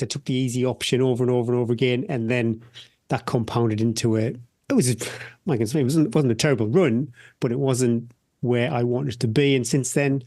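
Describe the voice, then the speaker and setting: A man's voice: mid-range voice, a little mellow, dry recording, studio quality. A man hosting a podcast in casual chat, plain-spoken and reflective, often repeating words as he searches for them. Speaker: podcast host.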